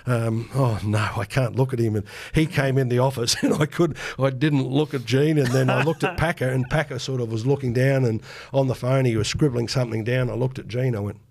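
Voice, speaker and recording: A man in his sixties with an Australian accent, telling an animated, self-mocking anecdote as a podcast guest. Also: mid-range voice, fairly quick. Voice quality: gravelly, husky. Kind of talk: casual storytelling anecdote.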